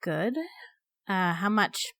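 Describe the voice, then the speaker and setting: A woman's voice: mid-range voice, slow, fairly bright tone. A woman playing a tabletop game, chatty and upbeat. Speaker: player. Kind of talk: tabletop role-play chat.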